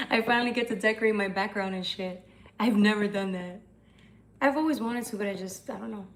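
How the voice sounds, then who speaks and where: A woman's voice: mid-range voice, brisk. A young woman hosting a tarot livestream, chatting casually and answering comments, with some swearing.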